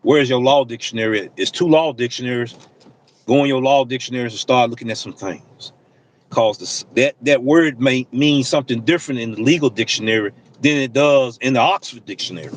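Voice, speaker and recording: A man's voice: mid-range voice, fairly quick, a little hiss or hum, poor audio. A man who drives deliveries, talking to viewers on a livestream in passionate, preachy, slang-filled casual speech. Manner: impassioned, preachy, talks straight at the audience.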